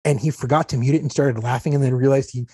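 A man's voice: mid-range voice, steady tone, quick pace, mellow, husky, no echo, clean studio sound. A man co-hosting a podcast, telling crude, joking anecdotes in casual chat.

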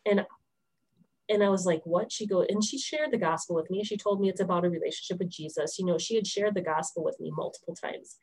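Woman in her thirties, lowish voice, candid faith testimony with restarts. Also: fast talker, a little mellow, husky, low-quality recording. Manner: candid, storytelling, many restarts. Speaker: testimony speaker.

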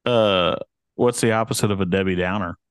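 A man co-hosting a casual podcast, trading dad jokes and teasing his friend, quick to laugh. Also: low-pitched, clear, resonant tone, no room sound, studio quality. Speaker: podcast co-host.

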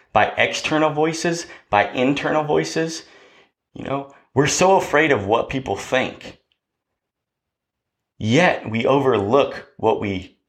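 Man, podcast host, motivational talk, preachy, keeps asking "right?", deliberate delivery. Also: medium pitch. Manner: preachy, repeats "right?" often.

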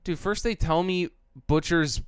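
A young man co-hosting a casual podcast chat, joking and stubborn in arguments, laughing loudly. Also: on the high side, a little slow. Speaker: podcast co-host.

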